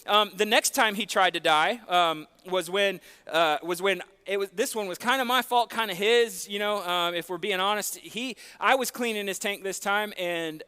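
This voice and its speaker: A man preaching, telling a long, animated, self-deprecating story with lots of fillers in a church. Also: high voice, normal speed, hardly any pauses, smooth. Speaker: pastor. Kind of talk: sermon storytelling. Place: church sanctuary.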